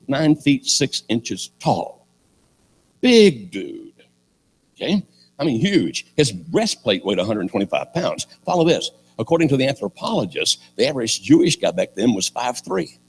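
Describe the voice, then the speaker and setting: An older man preaches a sermon in an animated, storytelling way, with sarcastic humor. His voice is gravelly and husky, and his pitch swings widely.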